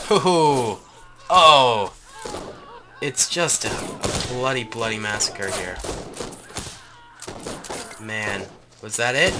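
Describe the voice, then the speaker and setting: A man's voice: lowish voice, noisy background. A man hosting a gaming channel, giving enthusiastic, rambling gameplay commentary with frequent ums.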